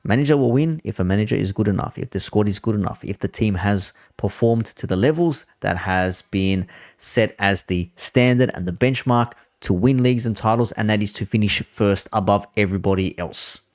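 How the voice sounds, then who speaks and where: A man's voice: on the low side, normal speed, no echo, clean studio sound. A man on a football panel, speaking as a Liverpool fan in a blunt, sweary, ranting debate.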